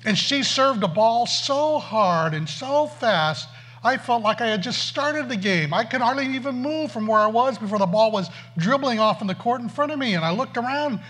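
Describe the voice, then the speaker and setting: A man preaching through a funny personal story, animated and self-mocking. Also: extremely high pitch, normal speed. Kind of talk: storytelling sermon.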